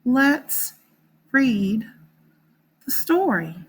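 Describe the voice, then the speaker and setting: A woman teaching a phonics lesson to young children, sounding out words slowly and encouragingly. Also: fairly high pitch, big pitch swings, breathy edge.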